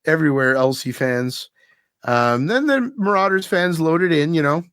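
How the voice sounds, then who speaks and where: A man hosting a podcast in casual chat, telling an animated story and laughing often. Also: a little high, normal speed, clean tone, no echo, clean studio sound. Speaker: podcast host.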